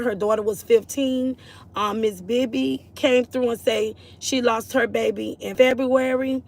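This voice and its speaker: A woman's voice: a little high, gravelly. A woman from Florida hosting a casual faith-based livestream, earnest and encouraging as she greets and answers viewers in the chat. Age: adult mother. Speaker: livestream host.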